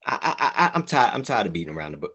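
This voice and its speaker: Husky-voiced man venting bluntly. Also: fairly low pitch, sing-song, racing, sharp tone. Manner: heated, blunt, profane. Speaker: podcast co-host. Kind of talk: casual group discussion.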